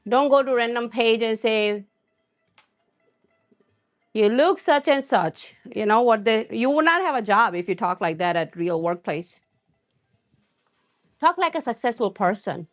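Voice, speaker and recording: A woman's voice: on the high side, lively intonation, normal speed, soft background music. Chatty woman hosting a cooking livestream. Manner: chatty, rambling, talks straight to viewers. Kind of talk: live stream chat.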